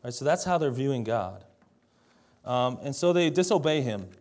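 A young man from Minnesota giving a sermon, telling a childhood story in a relaxed, conversational way and often asking "right?". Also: mid-range voice, moderate pace. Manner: conversational storytelling, tag questions and laughter. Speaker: pastor.

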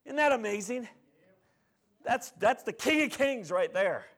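A male pastor preaching a sermon in church, telling the story in a lively, conversational way that swings between hushed and loud. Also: extremely high pitch, a little slow, pauses often.

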